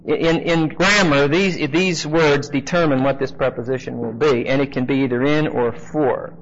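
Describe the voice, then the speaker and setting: A man's voice: medium pitch, fairly even intonation, a little hiss or hum. Man teaching scripture on a muffled recording. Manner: explains word meanings slowly, repeats key phrases, asks the class questions. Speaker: preacher teaching a Bible class. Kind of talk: conversational Bible teaching.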